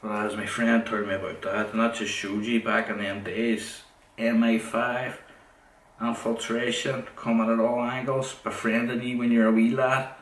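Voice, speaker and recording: A man's voice: medium pitch, roomy sound, far from the mic, poor audio. A man telling a story in a casual, profane, rambling way, often restarting his sentences.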